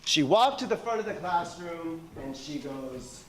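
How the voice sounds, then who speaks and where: Lively, slow-paced male storyteller. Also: fairly high pitch, a little hiss or hum. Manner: animated, laughs often, acts out quoted people. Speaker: guest author speaker. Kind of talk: storytelling talk to an audience. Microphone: handheld microphone.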